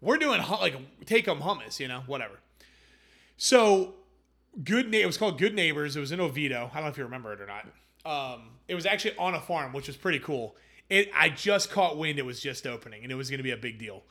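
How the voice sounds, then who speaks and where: A young man who founded a hummus company tells his story as a guest in a casual interview. His voice is on the high side, fast, bright and forceful, slightly raised, and he's animated, slipping into quoted voices along the way.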